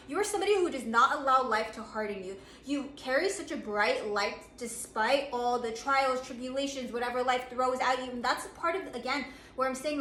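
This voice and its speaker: A woman giving a channeled oracle card reading, bubbly and excitable, laughing often and acting out other people's reactions. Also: high-pitched, echoey room, slight background noise. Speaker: tarot reader.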